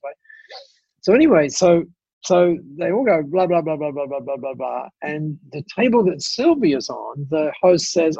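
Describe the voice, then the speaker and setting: Husky-voiced man telling a lively story. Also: on the high side, normal speed, no echo, lo-fi sound. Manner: animated storyteller, many restarts and asides. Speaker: guest speaker. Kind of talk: telling an anecdote in conversation.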